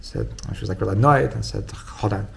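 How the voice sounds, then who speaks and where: A man's voice: fairly low pitch, fast, gravelly. A man, a rabbi, giving an informal Torah class in a conversational way. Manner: conversational, retells stories with quoted dialogue.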